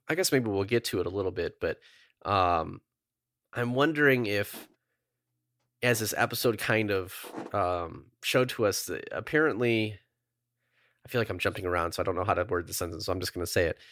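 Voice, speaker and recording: A man with a lowish voice co-hosts a casual podcast chat. He recaps at length, rambling and full of ums, animated in spots. The sound is dry and close. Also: normal speed, no room sound. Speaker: podcast co-host.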